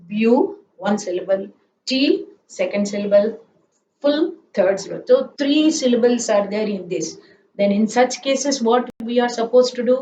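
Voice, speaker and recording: Female teacher with a higher voice, slow and patient; recorded from a distance in an echoey room. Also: warm tone. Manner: spells out letters and drills word forms, asks "isn't it?". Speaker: English grammar teacher. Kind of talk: slow classroom-style grammar lesson. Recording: echoey room, distant mic, dull sound, faint hiss.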